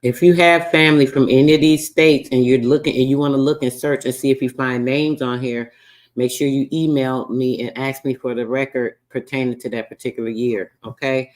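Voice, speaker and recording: A man's voice: mid-range voice, steady tone, a little fast. A man hosting a casual livestream, talking loosely and swearing as he reads old records aloud. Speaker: livestream host.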